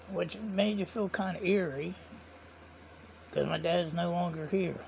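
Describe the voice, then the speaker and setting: A man's voice: high-pitched, steady tone, measured pace, long pauses, darkish tone, a little hiss or hum. A man telling a personal story in a casual, rambling way, retelling each conversation with "I said" and "he said". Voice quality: gravelly. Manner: rambling, repeats quoted dialogue with "I said" and "he said". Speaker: vlogger. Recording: dull lo-fi sound.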